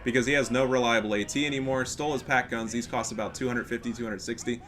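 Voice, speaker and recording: Bright-voiced, excitable trash-talking man. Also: medium pitch, fast talker, a little hiss or hum. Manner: excitable, profane trash talk. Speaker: gaming commentator. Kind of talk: casual replay commentary.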